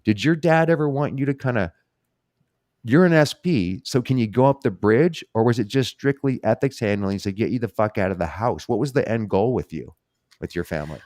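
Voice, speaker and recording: A man's voice: lowish voice, lively intonation, brisk, a little mellow, no echo, studio quality. A man hosting a podcast interview, talking candidly and casually, with occasional swearing. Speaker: podcast host.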